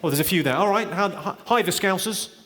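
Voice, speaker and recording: A man doing a stand-up routine on stage, firing off crisp one-liners and bantering with a live crowd. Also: high voice, a little fast. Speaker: stand-up comedian. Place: large comedy venue on stage. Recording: big hall reverb, loud audience noise.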